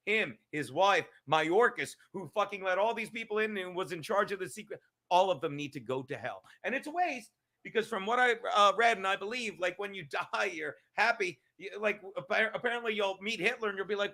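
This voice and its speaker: A man's voice: sits high, fairly quick, sharp tone. A male podcast host in a profane live-stream rant, angry and emphatic, swearing constantly and repeating his points.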